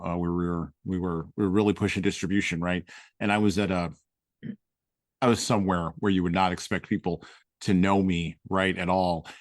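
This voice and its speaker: A man's voice: low voice, dry recording, studio quality. A man co-hosting a podcast, reading passages from a book aloud, then talking them over in a reflective way, often restarting his phrases. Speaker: podcast co-host. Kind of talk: reading aloud and casual commentary.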